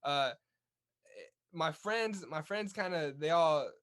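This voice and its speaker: A man's voice: on the high side, slow pace, fairly bright tone, clear, resonant tone. A young man from California's Central Valley, a boxer talking earnestly as a guest in a casual interview, often repeating words as he goes. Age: young adult.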